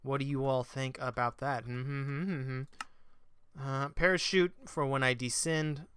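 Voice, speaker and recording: A man's voice: medium pitch, fairly even intonation, slow, fairly bright tone, clean tone, no room sound, clean studio sound. A man giving casual commentary as he plays a video game, chatty and self-mocking, flaring into mock-exasperated rants. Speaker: let's play gamer.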